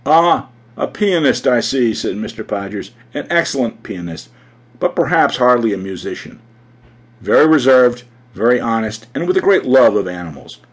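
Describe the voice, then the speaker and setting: A fussy, obsequious middle-aged palm reader, as a man puts him on, delivering readings in measured steps. The voice is slightly husky and moves in a lively, animated way. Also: medium pitch.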